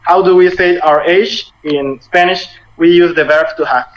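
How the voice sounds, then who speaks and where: A young man in his twenties teaches a lesson over a video call. His voice sits a bit high and he talks haltingly, restarting and rephrasing as he goes. The muffled call audio carries a faint hiss. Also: fairly even intonation. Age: 20s. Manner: halting, repeats and rephrases while explaining. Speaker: Spanish teacher. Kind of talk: online language lesson.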